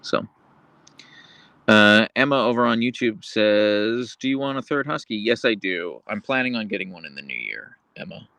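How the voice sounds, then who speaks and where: Gravelly man chatting on a livestream. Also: lively intonation, moderate pace, bright, forceful tone, no room sound. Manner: goes high and cooing when talking to his dog. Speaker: livestream host. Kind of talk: casual live chat reading comments.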